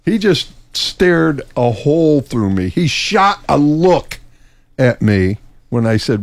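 A man's voice: medium pitch, sing-song, slow, gravelly, no echo. A man hosting a casual radio talk show, playful and boastful, laughing often.

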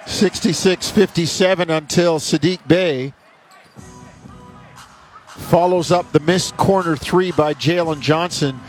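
Man, play-by-play announcer, clipped rapid calls, somewhat high voice, faint music behind. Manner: rapid clipped calls, rising on made shots. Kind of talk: basketball play-by-play commentary.

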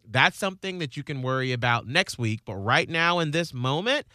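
A man's voice: animated, moderate pace, pushed and bright, dry recording, clean studio sound. A man chatting casually as a co-host, recounting a visit earnestly and voicing the people in it. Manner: earnest storytelling with high-pitched quoted voices. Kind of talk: casual chat.

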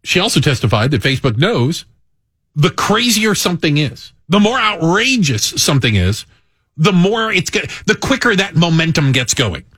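A man hosting a radio talk show, chatting casually, animated and self-mocking, with frequent restarts. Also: fairly high pitch, normal speed, breathy edge, no echo, clean studio sound. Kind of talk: casual on-air banter.

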